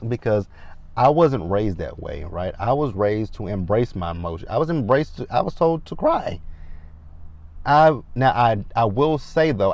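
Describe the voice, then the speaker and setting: A man's voice: on the low side, darkish tone, muffled recording. A man in his thirties giving a casual, candid recap of a reality show, emphatic and repeating lines for stress.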